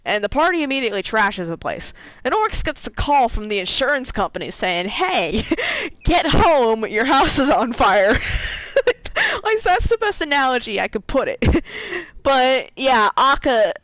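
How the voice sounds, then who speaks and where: A woman streaming a game, chatting her way through its story with a lot of swing in her pitch and bursts of laughter. She swears freely and jumps into quick voices for each character. The sound is close and dry, with no room around it. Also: very animated, a bit bright, no echo, poor audio. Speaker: gaming streamer. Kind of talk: casual lore retelling while gaming.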